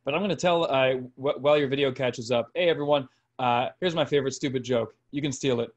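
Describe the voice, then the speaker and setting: A man hosts a lecture over a video call, his voice at an average pitch. He steps in casually and keeps things going when the video drops out. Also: fast talker, muffled recording. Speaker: lecture host. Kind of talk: casual hosting.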